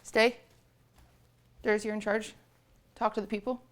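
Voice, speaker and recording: A woman's voice: mid-range voice, flat delivery, unhurried. A young woman streaming from her home kitchen, chatting casually with viewers and cooing at her cat between remarks. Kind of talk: casual live-stream chat.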